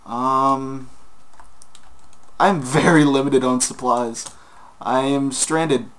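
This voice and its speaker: A man's voice: medium pitch, steady tone, drawn-out words, fairly bright tone. Playful young man narrating his gameplay. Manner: playful, talks to game creatures, sudden outbursts. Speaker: gaming YouTuber. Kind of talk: casual gameplay commentary.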